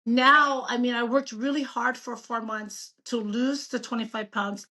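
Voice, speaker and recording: A woman in her fifties, a doctor chatting as a guest in an interview, telling stories in an animated, emphatic way. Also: a little high, measured pace. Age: 50s. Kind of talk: casual interview chat.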